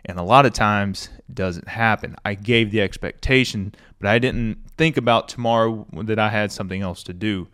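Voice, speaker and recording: A man's voice: fairly low pitch, normal speed, few pauses, smooth, no echo, studio quality. A man hosting a podcast, giving a casual, conversational review of a classic book with loose everyday fillers. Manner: relaxed, conversational, loose fillers like "you know" and "stuff like that".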